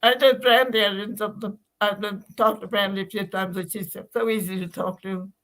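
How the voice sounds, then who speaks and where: A woman's voice: mid-range voice, fairly even intonation, a little fast, fairly bright tone, rough recording. An elderly woman chatting as a podcast guest, rambling with restarts and telling stories. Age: older. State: uses hearing aids. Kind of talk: casual chat.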